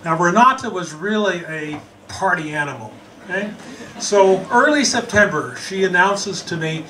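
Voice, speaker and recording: A self-mocking American man tells a funny story with lots of animation, his voice high and bright. He sounds a little far from the mic, with a faint murmur of room noise behind him. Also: animated, normal speed. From United States. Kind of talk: live comic storytelling.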